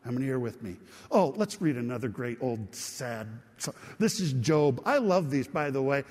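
A man's voice: mid-range voice, big pitch swings, normal speed, darkish tone. A middle-aged man preaching a sermon as pastor, talking conversationally and calling out to his congregation. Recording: long church reverb.

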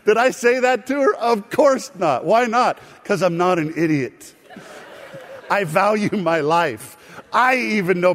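A male pastor delivers a sermon, mixing stories with quick asides to his congregation. His voice sits a little high for a man. A long reverb from the church hall trails after his words. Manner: storytelling preacher, animated asides to the congregation. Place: church sanctuary.

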